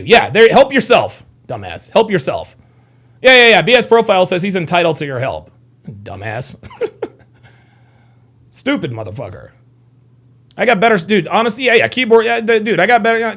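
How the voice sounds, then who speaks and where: A male live streamer answers his chat with a high, animated voice that swings widely in pitch. He rants angrily, swears freely and says the same phrase again and again. He sounds like he is talking at home into a streaming mic. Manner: angry, profane, repeats himself, talks back to chat. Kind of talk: heated livestream commentary.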